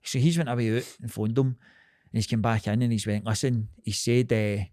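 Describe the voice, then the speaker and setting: A man in his thirties with a Scottish accent co-hosts a podcast, speaking a little fast at medium pitch. His casual storytelling is lively and full of swearing and laughter, and the studio-quality recording is dry.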